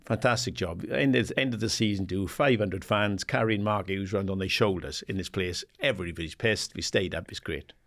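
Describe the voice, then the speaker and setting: A man in his sixties from England, a guest in an interview, telling animated stories and acting out the dialogue. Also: sits low, a little fast, hardly any pauses. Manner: animated anecdotes, acts out quoted dialogue, laughs often; swears casually, says "mate". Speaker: guest, former footballer and assistant manager. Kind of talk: casual storytelling interview.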